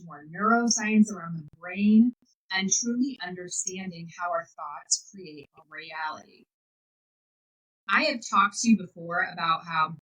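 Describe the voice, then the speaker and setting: A woman hosting a podcast as a life coach, giving an energetic, enthusiastic motivational talk. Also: on the low side, poor audio. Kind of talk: motivational monologue.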